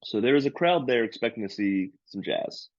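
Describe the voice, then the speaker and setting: A man's voice: mid-range voice, normal speed, dry recording, dull audio. A man, a comedian and podcast co-host, telling a story in casual chat and acting out the lines of the people in it. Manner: animated storyteller, acts out quoted lines loudly.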